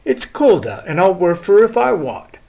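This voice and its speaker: A man reading an audiobook, voicing a brash, bossy woman winemaker who booms and teases. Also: sing-song, moderate pace, vocal fry, a little mellow, muffled recording, exaggerated voice. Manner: booming, teasing.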